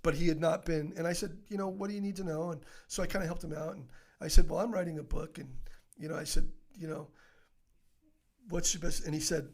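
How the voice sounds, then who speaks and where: A middle-aged man telling stories as an interview guest, animated and laughing often, full of fillers and restarts. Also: a little high, fairly quick. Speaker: podcast guest, author. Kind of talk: casual interview storytelling.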